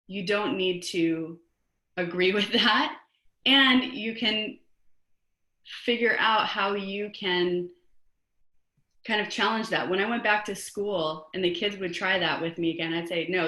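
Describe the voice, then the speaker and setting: A woman rabbi, a guest in a conversation, telling a personal story in an earnest, reflective way with gentle humor. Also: fairly low pitch, roomy sound, poor audio.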